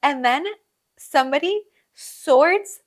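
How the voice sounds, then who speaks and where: Speaking slowly in a high, expressive voice, this young woman podcast host shares travel stories casually. She chats along with plenty of laughter and fillers.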